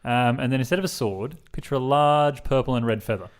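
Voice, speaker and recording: A man, speaking at an ordinary middle pitch. He keeps the podcast chat playful and full of jokes. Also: brisk, clean tone. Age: 30s. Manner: playful, jokey banter. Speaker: podcast co-host. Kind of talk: casual chat.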